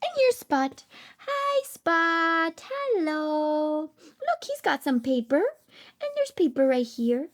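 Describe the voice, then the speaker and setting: Very high-pitched, sing-song woman reading to toddlers. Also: takes it slowly. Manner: animated sing-song with frequent gasps and hushed asides. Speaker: speech therapist. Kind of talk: children's picture-book read-aloud.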